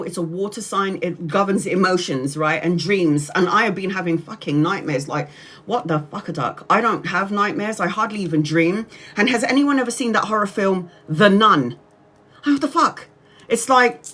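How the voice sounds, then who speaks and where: A woman's voice: mid-range voice, fairly bright tone. A woman, chatting casually on a tarot livestream, swearing freely and laughing often. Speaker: tarot reader.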